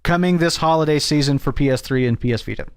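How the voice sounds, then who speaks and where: A man's voice: fairly high pitch, fast, a little mellow, smooth, dry recording. A man co-hosting a casual gaming podcast, talking enthusiastically about a game and swearing casually. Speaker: podcast co-host.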